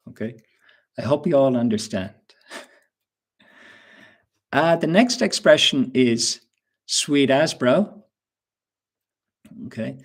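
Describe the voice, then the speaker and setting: A man with an Irish accent teaching English in a webinar, explaining words slowly and patiently with examples. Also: medium pitch, breathy edge. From Ireland. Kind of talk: webinar lesson.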